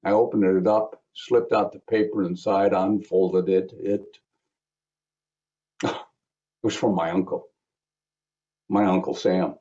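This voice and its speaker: A man's voice: deep voice, fairly even intonation, takes it slowly, long pauses, warm tone, lo-fi sound. A man in his seventies giving a remembrance speech as a guest speaker, telling a personal story with wry asides. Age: 70s.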